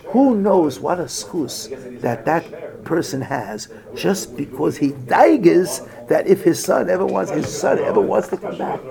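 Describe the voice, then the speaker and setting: Gravelly man giving a Torah lecture. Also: fairly high pitch, very animated, a little slow. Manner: storytelling, sprinkled with Hebrew and Yiddish terms. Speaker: rabbi giving a Torah class. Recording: crowd heard behind.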